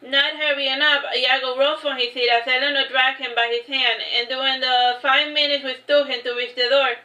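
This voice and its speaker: High, bright woman reading a story. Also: level tone, normal speed. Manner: unpolished reading with frequent restarts and fillers. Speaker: narrator reading her own book. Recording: echoey, dull lo-fi livestream audio.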